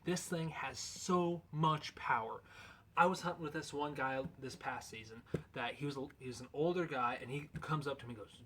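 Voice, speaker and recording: A man's voice: mid-range voice, normal speed, a bit bright, breathy edge. A man in a casual instructional video, explaining goose calling in a loose, folksy, conversational way.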